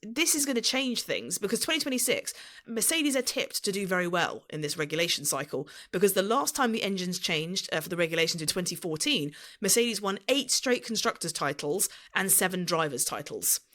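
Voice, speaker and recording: Woman cohost, lowish voice, goes up and down a lot, blunt and sweary. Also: big pitch swings, fairly quick, pushed and bright. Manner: swears freely, teasing and blunt. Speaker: podcast co-host. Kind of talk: casual chat, reading F1 news.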